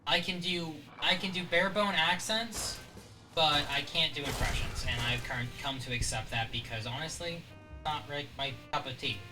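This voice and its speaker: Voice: mid-range voice, normal speed, recorded from a distance, music in the background, poor audio. A streamer hosting a casual gaming stream, chatting in a self-deprecating way. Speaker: streamer host.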